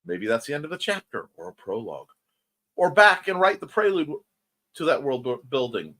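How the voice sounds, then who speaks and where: Lively, chatty male stream host. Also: medium pitch. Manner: lively, chatty, quick asides and self-corrections. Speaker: morning show host. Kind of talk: casual livestream chat reading viewer comments.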